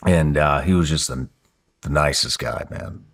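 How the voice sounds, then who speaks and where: Very deep-voiced male podcast host. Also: measured pace, fairly bright tone. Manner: casual, reacts with short exclamations. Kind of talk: podcast interview.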